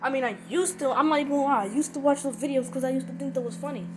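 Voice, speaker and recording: A high-pitched woman rants at home to her viewers, circling back and repeating herself with plenty of emphasis. Faint music plays softly behind her. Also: very fast, poor audio. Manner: rambling, repetitive, emphatic. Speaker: channel host. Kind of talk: casual rant to viewers.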